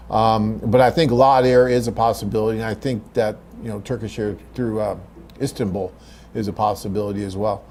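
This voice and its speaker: A man's voice: lowish voice, a little mellow. A middle-aged man hosting a live webcast, chatting casually and reading viewer questions, rambling with fillers and restarts. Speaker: host of a live web cast for a dating agency.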